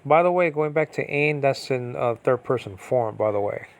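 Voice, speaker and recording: A man with a medium-pitched, animated voice teaches Biblical Greek grammar from home while a storm rages outside. He speaks at a moderate pace in a casual online lesson, rambling, talking to himself, and scattering fillers and asides throughout. The audio quality is poor.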